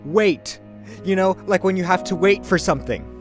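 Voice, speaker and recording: Guy doing a fake-deep webcam monologue in his bedroom, slightly high voice, over-sincere, little bit of music under it. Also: moderate pace. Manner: melodramatic, over-sincere delivery. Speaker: comedy vlogger. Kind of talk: mock-earnest sketch monologue.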